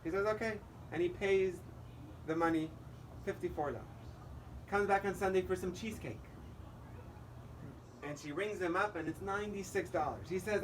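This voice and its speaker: A man's voice: high-pitched, normal speed, pauses often, distant mic, a little hiss or hum, poor audio. A male rabbi giving a holiday sermon, telling a joke as a story and acting out the dialogue. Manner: storytelling, quoting characters in dialogue.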